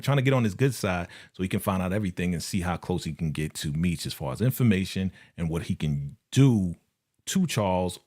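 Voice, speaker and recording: A man's voice: sits low, fairly quick. A man hosting a live review show in casual, slang-filled chat, often laughing and speaking straight to his viewers. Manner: animated, laughing, slangy, acts out quotes. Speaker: host of a live TV episode review.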